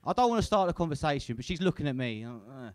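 A man's voice: on the high side, sing-song, fast talker. A young man doing a crude, sweary stand-up set at a comedy club, tagging lines with "innit". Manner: crude, swears a lot, tag questions like "innit".

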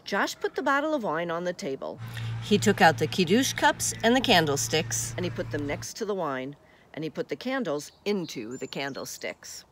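A woman reads a children's picture book aloud in a friendly manner, turning to talk to young listeners. Her voice has a lively, animated range, and faint noise sits underneath it. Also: on the low side, normal speed. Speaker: storybook reader.

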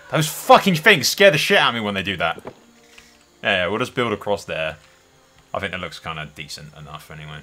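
A man's voice: sits low, big pitch swings, a little fast, bright, forceful tone, faint music behind. A man doing casual let's-play commentary, thinking aloud and swearing often. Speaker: gameplay host.

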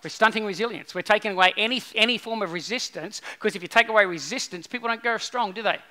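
A man delivers a sermon from the pulpit, building his points through repetition and voicing the people he quotes. His voice sits high and sounds sharply bright. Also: fast. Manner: animated preaching with repeated phrases and acted-out quotes. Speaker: pastor.

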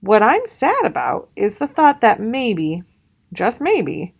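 A woman reading as a gentle mother bear. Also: fairly high pitch, wildly swooping pitch, slow, vocal fry, husky, voice pushed up, heavily acted.

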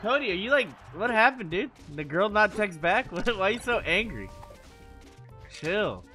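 A man's voice: high voice, big pitch swings, measured pace, over music, a crowd in the background. A man streaming live in casual chat, profane and teasing, laughing often between lines.

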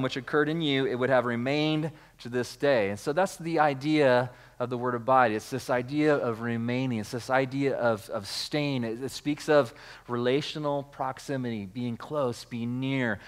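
A man preaching a sermon, reading scripture aloud and then explaining it with repeated words, restarts and rising emphasis, calling on the congregation to join in. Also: mid-range voice. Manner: restarts phrases, calls on the congregation. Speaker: pastor.

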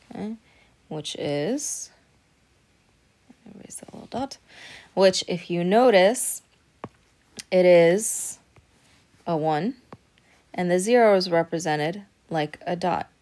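Lady teacher walking through arabic numbers slow and patient, a bit low voice, keeps saying okay. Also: a little mellow. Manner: patient, explaining step by step with frequent "okay". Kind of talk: recorded classroom lesson.

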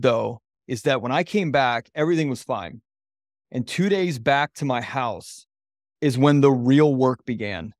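A man's voice: medium pitch, no room sound. Candid man telling his story, dry sound. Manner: loose, rambling, with many "like" fillers; earnest and openly emotional. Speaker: podcast guest, men's coach.

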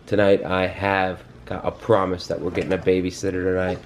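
A man's voice: sits low, little pitch movement, brisk, slight background noise. A young man casually vlogging about his day, joking and teasing himself. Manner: jokey, self-mocking, playful with his toddler. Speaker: vlogger and dad. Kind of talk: casual vlog chat.

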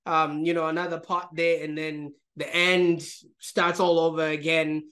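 A man's voice: fairly high pitch, little pitch movement, unhurried, bright, forceful tone. A man hosting a podcast interview, asking questions in a rambling way with many fillers. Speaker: podcast host. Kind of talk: interview questions, casual chat.

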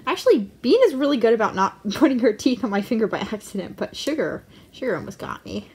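A woman's voice: on the high side, animated, quick pace, darkish tone, slight background noise. A woman vlogging her pet rats at home, chatting playfully, laughing often and fondly scolding them. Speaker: pet rat owner and channel host. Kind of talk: casual pet vlog commentary.

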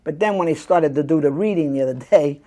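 An older man, an actor, chatting as an interview guest and telling lively stories. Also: on the high side, quick pace. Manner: animated storyteller who acts out quoted voices. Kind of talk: casual interview chat.

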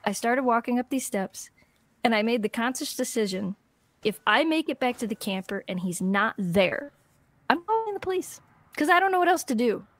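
A woman co-hosting a podcast, telling a story in casual chat, animated and laughing often as she acts out what people said. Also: fairly high pitch, normal speed, no echo. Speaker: podcast co-host.

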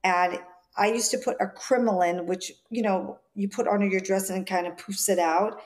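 A woman's voice: mid-range voice, normal speed. A woman in her forties from Jamaica with a light Jamaican accent, a stylist telling childhood stories in an interview, acting out the voices of people she quotes. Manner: lively storyteller, acts out quoted voices. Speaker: stylist guest. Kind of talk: interview storytelling.

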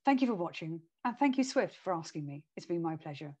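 A woman who runs a communications consultancy, talking straight to a webcam and giving emphatic tips on presenting. She shifts on purpose between lively, energetic stretches and quiet, slower ones. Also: on the low side, breathy edge, highs cut off. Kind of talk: coaching talk straight to camera. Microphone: webcam setup while she watches herself on screen.

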